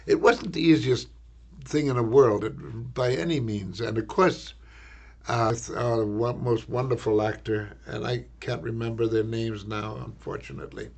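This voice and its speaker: An older man, an actor, recalling a film shoot in a rambling, halting interview anecdote, repeating words as he goes. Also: mid-range voice, steady tone, creaky.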